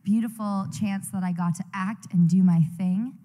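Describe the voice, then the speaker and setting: A young woman talks candidly on a panel, teasing and chatty. Her tone is mellow and warm rather than bright. A long hall reverb hangs behind her mic. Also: medium pitch, fairly even intonation, normal speed. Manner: frank, chatty, playfully pushy. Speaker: actress on a convention panel. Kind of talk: casual panel chat. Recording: echoey convention hall on a mic.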